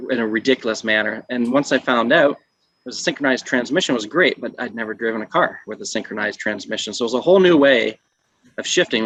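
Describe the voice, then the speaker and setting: A man, a trucking magazine editor, telling an animated anecdote in casual conversation. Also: mid-range voice, dry recording, rough recording. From Canada. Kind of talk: casual storytelling.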